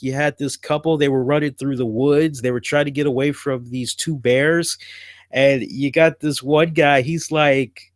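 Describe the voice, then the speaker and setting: A man hosting a show, casually and excitedly reviewing ads in slangy talk. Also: medium pitch, dry recording. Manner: enthusiastic, slangy, retells scenes with put-on voices. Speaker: podcast host.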